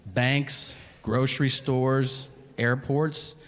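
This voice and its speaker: A man's voice: mid-range voice, steady tone, very slow. A man performing a stand-up comedy routine, telling stories in a profane, mock-exasperated way. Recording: live stage recording with audience noise and reverb.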